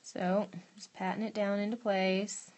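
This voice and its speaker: A woman's voice: mid-range voice, little pitch movement, a little slow, a little mellow. A woman demonstrating a glass craft in her studio on a live stream, chatting casually, thinking aloud and answering viewer questions as she works.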